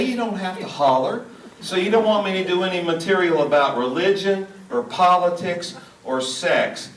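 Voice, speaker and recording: A middle-aged male comedian with a high, bright voice delivers a folksy stand-up set. He pokes fun at himself and teases the crowd. The sound is roomy and distant, like a small auditorium picked up from across the room. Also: animated, normal speed, background noise. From Hot Springs, Arkansas. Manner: folksy, self-deprecating, teasing the crowd. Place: small auditorium at a senior living community. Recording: echoey room, mic heard from a distance.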